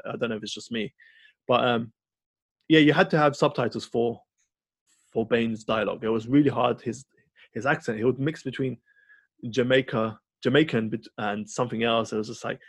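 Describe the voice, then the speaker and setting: Guy cohosting a podcast, bit husky, dry close sound, rambly and animated, lots of uhs. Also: medium pitch, fairly quick, no room sound. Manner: rambling, animated storyteller with many fillers. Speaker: podcast co-host. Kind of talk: casual film chat.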